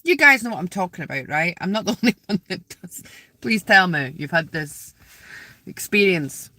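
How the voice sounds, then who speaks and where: Bright-voiced spiritual vlogger, talking outdoors. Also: mid-range voice, animated, moderate pace, no room sound. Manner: rambling, repeats words, asks viewers directly. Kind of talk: casual spiritual talk to viewers. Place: outdoors, sitting in a graveyard.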